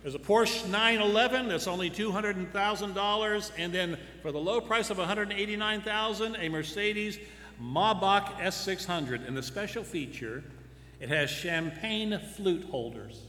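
A man's voice: high voice, a little slow, sharp tone. A man preaching a sermon, firing off rhetorical questions and adding dry humorous asides. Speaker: pastor. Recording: echoey hall with faint hum.

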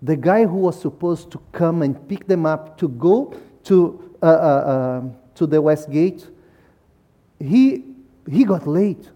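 Man, church talk, mellow voice, slightly high, keeps asking "yeah?". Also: expressive, slow pace. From Brazil. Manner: adds "yeah?" after most sentences. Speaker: missionary speaker. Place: church service.

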